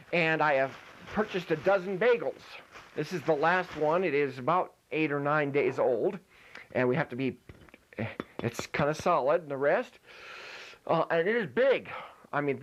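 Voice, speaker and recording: Jokey lecturing man, dull lo-fi sound. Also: on the high side. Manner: jokey, demonstrates ventriloquism with food in mouth. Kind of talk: playful comic lecture.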